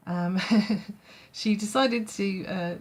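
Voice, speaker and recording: A woman's voice: medium pitch, fairly even intonation, drawn-out words. Chatty woman telling a story. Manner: chatty, laughs often, many fillers. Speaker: vlogger. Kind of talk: storytime vlog.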